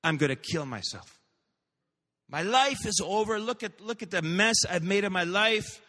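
A man's voice: high voice, animated, moderate pace, sharp tone, big-room sound, exaggerated voice. A man voicing a desperate young woman who has run away from home, pleading and emotional. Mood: despairing.

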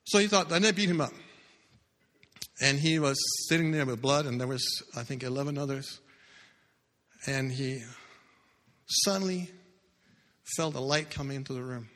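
A man preaching a sermon, telling a story with dramatic swings between loud bursts and hushed low lines. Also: moderate pace, pauses often. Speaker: pastor. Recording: long hall reverb.

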